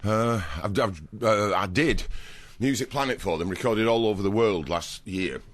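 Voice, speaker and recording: A man's voice: fairly low pitch, moderate pace, no room sound. A man being interviewed in a radio studio, chatting in a rambling, wry and self-deprecating way. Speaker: guest.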